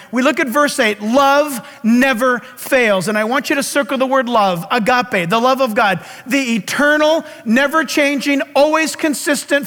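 A man preaching a sermon as pastor, telling stories in an animated way and breaking into loud calls. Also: very high-pitched, in a large hall.

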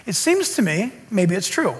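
A man preaching a sermon in an animated, joking way, with sarcastic asides to the congregation. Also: high-pitched, normal speed. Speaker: pastor.

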